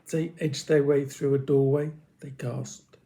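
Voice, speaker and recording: A man reading a children's story aloud with expressive, dramatic pauses. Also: mid-range voice.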